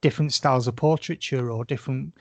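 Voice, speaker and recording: A man's voice: medium pitch, fairly even intonation, fast, dry recording. A man chatting casually as a guest artist, talking frankly and rambling, with the odd swear word. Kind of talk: casual chat.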